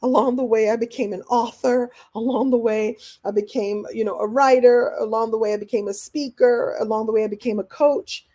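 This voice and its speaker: A chatty woman coach speaks to her viewers in a live online class. Her voice is mellow and warm, and she is animated and breaks into little laughs. She keeps it conversational, answering questions as they come in. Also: fairly high pitch, fairly quick, hardly any pauses. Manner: laughs often while talking.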